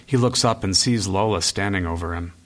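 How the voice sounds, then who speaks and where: A man with a somewhat low voice reads screenplay stage directions aloud. His delivery stays steady and even throughout. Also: brisk, slight background noise.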